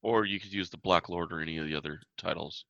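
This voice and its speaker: A man's voice: low-pitched, fast, vocal fry, a bit bright, no room sound, dull audio. A man running a tabletop game as game master, explaining lore with frequent hesitations.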